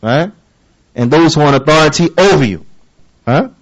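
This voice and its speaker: A man with a fairly high voice preaches an earnest lesson. He stresses his points by repeating them and checks in with his listeners through quick rhetorical questions. His speech has a flavor. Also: expressive, poor audio. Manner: emphatic, repeats key phrases, asks listeners rhetorical questions. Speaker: religious teacher. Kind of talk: lecture-style sermon.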